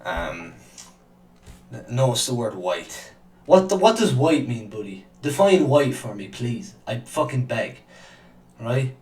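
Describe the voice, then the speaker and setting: A man's voice: lowish voice, a little mellow, roomy sound, recorded from a distance, rough recording. Sweary man ranting from afar. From Ireland. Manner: angry, sweary, rambling with many fillers. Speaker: reaction video host. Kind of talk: profane ranting commentary.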